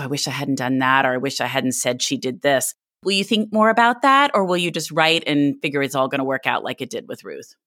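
Woman host, very low voice, enthusiastic, dry close recording. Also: a bit bright, dry recording. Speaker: interviewer host. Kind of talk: casual interview chat.

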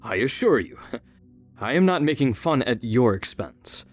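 A man's voice: mid-range voice, sing-song, unhurried, soft background music. An actor playing a sinister, giggling carnival showman in an audio drama, speaking in a gleeful, teasing way.

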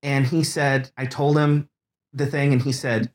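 A man's voice: mid-range voice, little pitch movement, measured pace. A man in his thirties, a podcast guest, candidly telling a personal story, earnest and emotional, rambling with restarts. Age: 30s.

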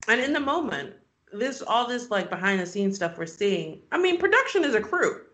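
A young woman co-hosting a podcast, chiming in casually with expressive reactions on a reality show. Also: mid-range voice, normal speed. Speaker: podcast co-host. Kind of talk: casual reality-TV recap chat.

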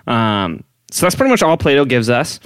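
A man's voice: mid-range voice, sing-song, normal speed, clear, resonant tone, dry recording. A man co-hosting a casual educational podcast, hyper and giggly, rambling through his explanation with plenty of ums. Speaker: podcast co-host explaining history.

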